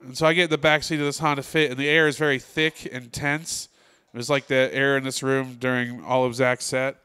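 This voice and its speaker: A male comedian doing a stand-up set in a comedy club, telling deadpan stories and quoting the people in them. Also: medium pitch, brisk, clean tone.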